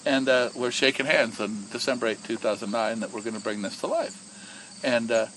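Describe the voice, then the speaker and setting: A man's voice: mid-range voice, moderate pace, fairly bright tone, a little hiss or hum, rough recording. A man who co-founded a whiskey distillery tells its story casually and with animation, often repeating and restarting words.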